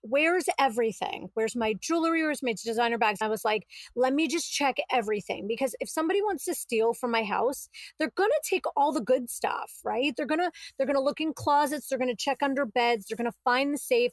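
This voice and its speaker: A woman, a podcast guest, telling her story in a casual, animated way and acting out what was said. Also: high voice, fairly quick, few pauses, no echo. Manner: animated, quotes herself and others, exasperated retelling.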